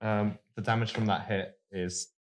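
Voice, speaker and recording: A man's voice: lowish voice, steady tone, normal speed. A man playing a tabletop game, eager and reading out the rules. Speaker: player. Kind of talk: casual tabletop play.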